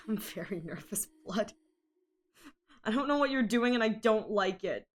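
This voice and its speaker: A woman's voice: mid-range voice, animated, a little slow. A young woman chatting casually on a live art stream, giggly and playfully anxious as she talks to her chat.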